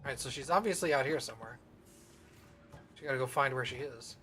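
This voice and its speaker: A man's voice: mid-range voice, fairly quick, sharp tone. A man streaming a game, chatting casually and poking fun at himself. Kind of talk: casual chat over gameplay.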